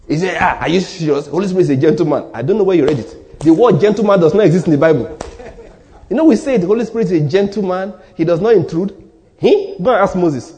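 Nigerian male pastor, fairly high, animated delivery, hammers points by repetition. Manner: emphatic preaching, repeats key lines, drops to near-whispers. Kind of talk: sermon.

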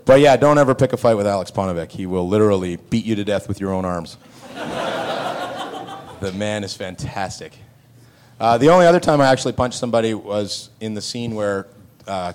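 Animated man telling stories at a panel. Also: slight background noise. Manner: animated, acts out other people's lines with loud jumps in pitch; laughs often while telling. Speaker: actor answering fan questions. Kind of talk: panel Q&A storytelling.

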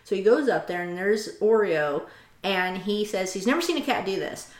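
Animated and medium-pitched, a woman co-hosting a podcast tells stories at a moderate pace, laughing and dropping in quoted asides. It's casual chat, recorded with a roomy echo.

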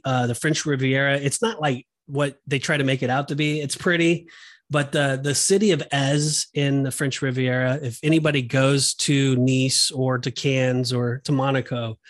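A man talking on a casual podcast in a relaxed, rambling way. He circles back on himself with fillers and restarts and keeps an easy conversational flow. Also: mid-range voice, no echo, clean studio sound. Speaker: podcast host. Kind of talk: casual chat.

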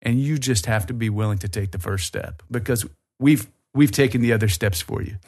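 A man's voice: lowish voice, a little fast, a little mellow. A man with an American Southern accent, a guest on a podcast interview, speaking in an earnest, persuasive and inviting way. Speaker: tour company guest.

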